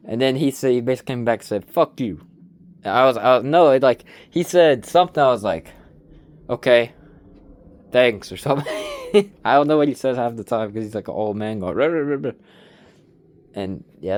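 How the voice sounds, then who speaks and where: Young male vlogger, slightly low voice, loose slangy storytelling rant. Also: darkish tone. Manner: slangy, rambling, frequent "like" and "dude".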